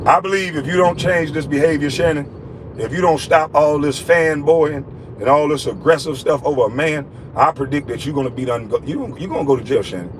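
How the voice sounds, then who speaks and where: A vlogger with a fairly high voice rants briskly at a critic, scolding angrily and repeating himself. His tirade is packed with cursing, and there's background noise in the recording.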